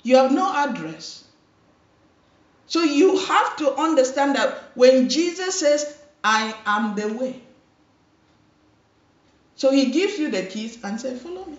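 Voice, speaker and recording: A woman's voice: sits high, expressive, slow, long pauses. A woman pastor preaching a sermon, emphatic and full of repeated phrases and calls for amen. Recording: roomy, distant, dull lo-fi hall recording.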